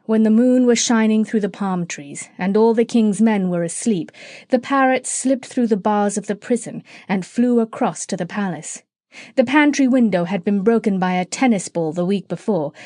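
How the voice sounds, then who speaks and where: A woman's voice: mid-range voice, mellow, no room sound, clean studio sound. A woman narrating a children's classic audiobook, reading aloud and switching between character voices. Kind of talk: storybook narration.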